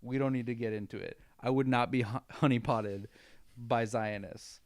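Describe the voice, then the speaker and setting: A man's voice: medium pitch, fairly even intonation, moderate pace, no echo. A man co-hosting a podcast, chatting about a film with enthusiastic, self-mocking asides. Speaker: podcast co-host. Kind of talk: casual chat about a film.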